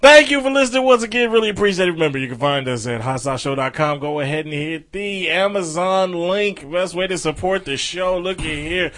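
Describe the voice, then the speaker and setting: A man with a bright, forceful voice that sits a little high, trading jokes in a loose podcast chat. He laughs through his lines as he tosses out mock questions. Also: animated, a little fast, few pauses. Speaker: podcast co-host. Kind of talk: casual comedic chat.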